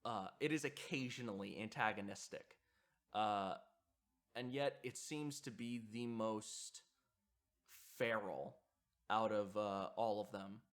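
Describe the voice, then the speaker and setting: Hosting a video essay on horror sound design, a man with a lowish voice takes it slowly. His reflective commentary is hesitant, with frequent fillers and restarts.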